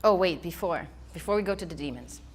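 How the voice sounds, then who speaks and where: Animated woman giving a motivational talk. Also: fairly low pitch, quick pace, breathy edge. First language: not English. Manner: animated storytelling, acting out her own inner voice. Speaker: speaker. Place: event hall before a live audience.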